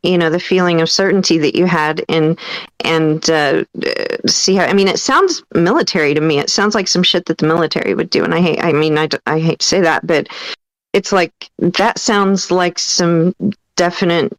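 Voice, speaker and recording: Low-voiced woman, hesitant and dry. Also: moderate pace, no room sound, low-quality recording. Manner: hesitant, trailing off and searching for words. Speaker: podcast co-host. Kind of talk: casual radio show chat.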